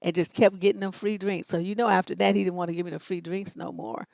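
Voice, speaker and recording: A lowish, slightly mellow voice with vocal fry and fairly even intonation comes from a middle-aged woman who talks fast, recorded dry. She hosts a livestream relationship advice show, speaking bluntly with lots of profanity and brash storytelling.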